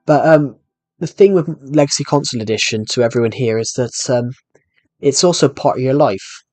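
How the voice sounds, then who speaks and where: A man's voice: medium pitch, a little fast, darkish tone, no room sound. Young British male streamer, mid-range voice, dry close sound, rambling and self-deprecating chat over gameplay. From Britain. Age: young adult. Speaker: gaming streamer. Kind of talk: casual gameplay commentary with live chat. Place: room at home.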